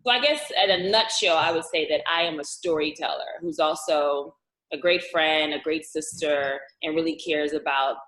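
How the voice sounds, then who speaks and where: Lively woman with a lowish voice, echoey room. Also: normal speed. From Louisiana, USA. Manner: animated, laughs often, acts out quotes. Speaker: actress, interview guest. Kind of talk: casual interview chat.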